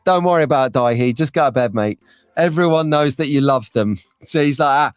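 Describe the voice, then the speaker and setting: A man hosting a casual live stream, chatting excitably and reading out viewer comments, sometimes getting frantic and loud. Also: on the high side, moderate pace, smooth, no room sound. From England.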